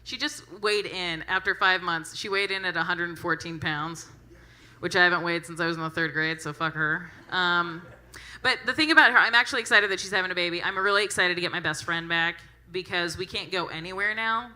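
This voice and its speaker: Young woman stand-up comic with a very bright, sharp voice, brash and profane. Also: on the low side, fairly even intonation, brisk. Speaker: stand-up comedian. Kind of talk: stand-up comedy set.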